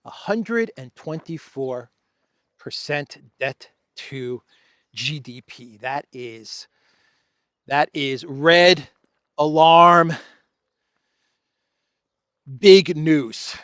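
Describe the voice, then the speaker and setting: A man who grew up in Greece, a show host, giving casual solo commentary in a sardonic, drawn-out way with laughing asides, recorded outdoors among trees. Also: on the high side, a bit bright, clean tone, no echo, clean studio sound.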